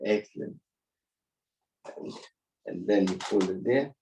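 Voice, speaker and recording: A man's voice: deep voice, takes it slowly, warm tone, recorded from a distance, slight background noise, poor audio. A man leading a yoga class, giving short spoken cues in loose, non-native English phrasing. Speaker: yoga instructor. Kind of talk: guiding a laughter yoga class.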